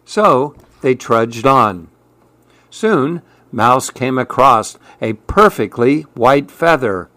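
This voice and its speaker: A man reading a children's story aloud, slow and measured. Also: medium pitch, animated, pushed and bright, no echo.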